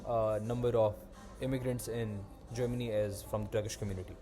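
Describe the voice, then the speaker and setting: A young man hosting a casual podcast, telling animated, rambling stories and swearing freely. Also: lowish voice, a little fast. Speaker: podcast host. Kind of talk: casual chat.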